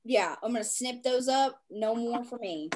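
A young woman hosts a podcast in easy, laughing chat, full of casual slang. Her voice sits a little high. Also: normal speed, darkish tone. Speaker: podcast host.

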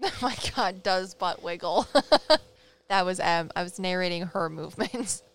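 A psychic medium from the Midwest, judging by her accent, speaks in a lowish voice at normal speed as co-host of a casual podcast. Animated and quick to laugh, she acts out quotes as she tells her stories.

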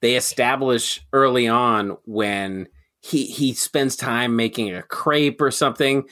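A man's voice: medium pitch, slow pace, a bit bright. A man co-hosting a comedy podcast who talks casually and animatedly and corrects the details of the story. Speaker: podcast co-host.

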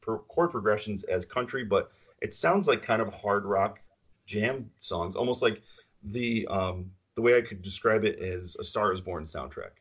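Podcast co-host, man with a lowish voice, loose and opinionated, quick to laugh. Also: lively intonation, husky, muffled recording. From central New York. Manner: laughs often, rambling and opinionated. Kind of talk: casual chat.

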